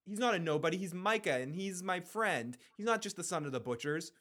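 A man's voice: high-pitched, expressive, brisk, a bit bright. A man voicing an earnest young girl. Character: defiant loyal young girl.

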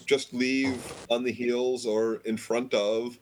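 A man's voice: mid-range voice, little pitch movement, slow pace. A man co-hosting a casual recap podcast, throwing in dry, sarcastic, profane comments. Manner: dry, sarcastic interjections, swears. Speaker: podcast co-host.

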